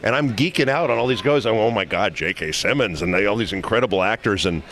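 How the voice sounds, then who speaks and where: Low-voiced chatty male voice actor. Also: fast talker, fairly bright tone. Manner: chatty, enthusiastic, many restarts and fillers. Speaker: voice actor guest. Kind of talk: convention interview, anecdotal storytelling. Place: convention venue. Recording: faint background noise.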